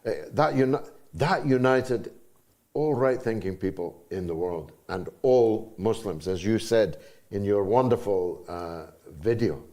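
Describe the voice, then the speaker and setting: An older man with a Scottish accent hosting a political talk show, speaking with deep emotion. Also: a little slow, warm tone. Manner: impassioned, emotional. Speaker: host.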